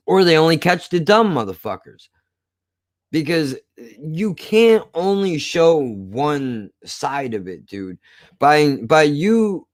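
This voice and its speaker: A man's voice: mid-range voice, no room sound. Blunt, swearing man with a smoker's voice. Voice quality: rough voice worn from smoking. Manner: blunt, profane, cynical. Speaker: host. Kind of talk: casual chat.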